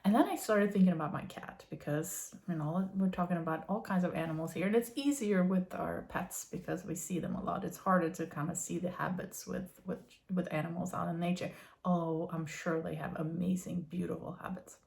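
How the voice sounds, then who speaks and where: A woman in her thirties or forties giving a gentle, earnest spiritual musing to her viewers, with many fillers and soft laughs. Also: lowish voice, brisk, creaky. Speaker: vlogger.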